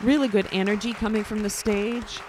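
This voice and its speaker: Over loud concert band music and a noisy crowd, a female band adjudicator gives live feedback at normal speed. Her mid-range voice stays fairly even as she encourages the players and sings phrases to show how they should sound.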